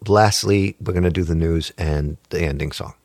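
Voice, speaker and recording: A man's voice: deep voice, darkish tone, no room sound. A male podcast host in casual chat, playful and teasing. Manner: playful, teasing, quick to laugh.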